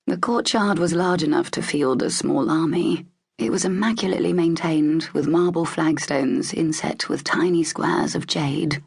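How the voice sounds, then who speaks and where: Husky, gravelly woman narrating an audiobook. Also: low-pitched.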